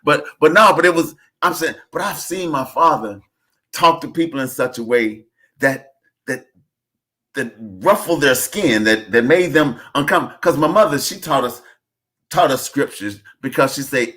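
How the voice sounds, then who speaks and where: A man hosting a casual conversation, telling stories in an animated, preachy way. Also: medium pitch, moderate pace. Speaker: podcast host.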